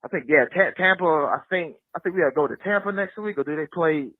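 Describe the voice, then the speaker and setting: A man's voice: on the high side, quick pace, no echo. Heated caller, man, profane sports rant, tinny phone line, dry. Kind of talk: angry fan call-in rant.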